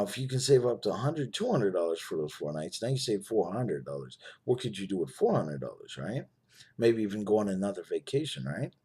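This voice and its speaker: A man with a husky, slightly rough voice gives a casual, persuasive sales pitch straight to the camera. His pitch moves up and down a lot as he talks, and he keeps checking in with the listener. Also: a little mellow. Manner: persuasive, repeats "right?" and "you know". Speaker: network marketing promoter.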